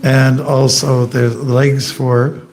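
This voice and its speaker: A monk giving an informal scripture class in a temple hall, telling anecdotes, joking and quizzing the audience. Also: male voice, mid-range voice, flat delivery, extremely slow, crowd noise. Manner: chatty and joking, asks the audience questions.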